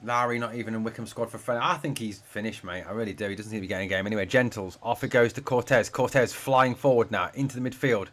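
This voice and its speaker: A man's voice: on the low side, fast talker, few pauses, fairly bright tone. Casual man commentating a match live. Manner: chatty, swears freely, reads out viewer comments. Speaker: fan channel host doing a live watch-along.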